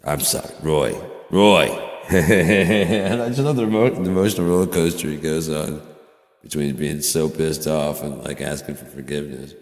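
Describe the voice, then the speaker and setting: A man's voice: rumbling low, normal speed, a little mellow. A man rambling through a profane, sardonic monologue on his own channel. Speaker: vlogger. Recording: echoey room with long reverb.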